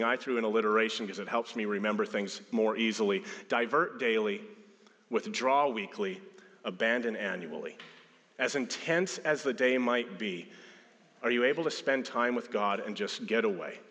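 A man's voice: fairly low pitch, fairly bright tone. A man in his thirties preaching a sermon as a pastor, telling stories and acting out quotes with a raised voice. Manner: storytelling, acts out quotes with a raised voice. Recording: long hall reverb.

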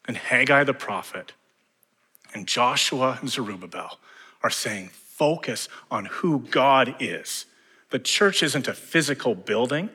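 A man preaching a sermon as pastor, building to fervent emphasis and dropping to hushed lines. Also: mid-range voice, animated, unhurried, husky, long reverb tail.

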